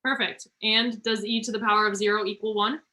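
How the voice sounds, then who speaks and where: A woman tutoring students through a math problem online, encouraging them and talking through each step slowly. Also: medium pitch, fairly even intonation, sharp tone, poor audio.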